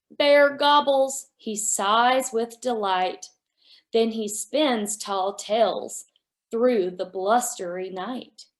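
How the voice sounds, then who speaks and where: Slow, gasping story-time woman. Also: on the high side. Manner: animated and wondering, with frequent gasps, speaking to a child audience. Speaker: children's story time reader. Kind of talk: reading a picture book aloud to young children. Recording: echoey room.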